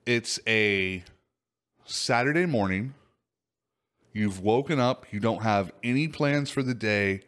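A man's voice: on the low side, slow pace, long pauses, a bit bright. A man co-hosting a casual podcast chat, teasing his partner and steering the talk with probing questions. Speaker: podcast co-host.

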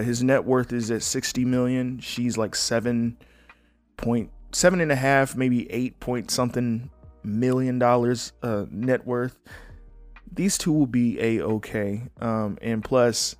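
A man hosts a solo podcast in a loose, rambling way, joking and candid as he goes. His voice sits at a middle pitch and sounds dry and close to the mic, with faint music under it. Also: no room sound. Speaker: podcast host. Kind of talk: casual solo podcast chat.

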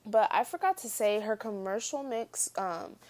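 A woman's voice: medium pitch, animated, moderate pace, a little mellow. A young woman vlogging in a chatty commentary style, with lots of fillers, speaking straight to her viewers. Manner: chatty, filler-heavy, addresses viewers as y'all. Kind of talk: casual commentary vlog.

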